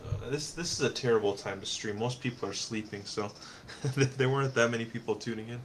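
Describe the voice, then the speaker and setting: An easygoing man chats casually over a stream, often repeating words as he gets going. His voice sits at a middling pitch, with a faint hiss of noise behind him. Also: brisk. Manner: hesitant, stammering starts, easygoing. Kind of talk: casual chat.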